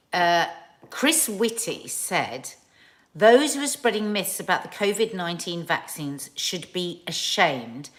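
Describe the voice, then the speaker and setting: Chatty woman with a lively voice. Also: fairly low pitch. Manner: chatty, rambling, with fillers and laughs. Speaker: host. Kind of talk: casual livestream chat reading viewer comments.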